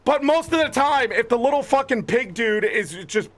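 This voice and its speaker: A man's voice: very high voice, expressive, moderate pace. A man hosting a gaming channel, ranting with exasperated profanity and rambling filler words. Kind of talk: ranting commentary.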